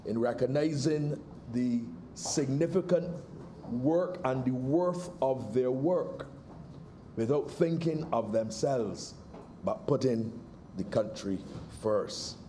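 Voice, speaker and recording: A man with a Barbadian accent, a senator giving a measured parliamentary speech in the senate chamber that builds to emphatic points. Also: mid-range voice, dark tone, slight background noise.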